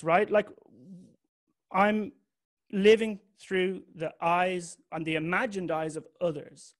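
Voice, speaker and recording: Young man, a touch high-pitched, frank confessional talk, swears freely. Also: slow pace. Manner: candid and confessional, swears casually. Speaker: speaker giving a talk. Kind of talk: personal talk to an audience.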